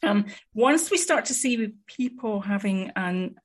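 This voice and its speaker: A woman, a psychologist, explaining her field in a measured, articulate way with frequent ums. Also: medium pitch, lively intonation, slightly rough. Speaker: psychologist guest. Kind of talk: conversational expert explanation.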